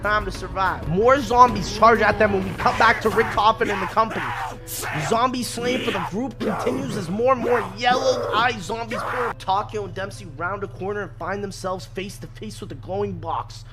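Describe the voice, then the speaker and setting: A man's voice: high-pitched, moderate pace, loud music behind the voice. A young man reading a fan script aloud in a comic way, with joking, swearing asides. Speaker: narrator.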